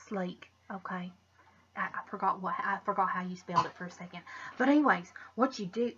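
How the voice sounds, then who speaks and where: Rambling, bright-voiced woman vlogger. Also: mid-range voice, steady tone, moderate pace, breathy edge. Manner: rambling, restarts with "but anyways"; drifts into muttered asides to herself. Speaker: makeup vlogger. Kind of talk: casual makeup tutorial. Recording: dull lo-fi recording.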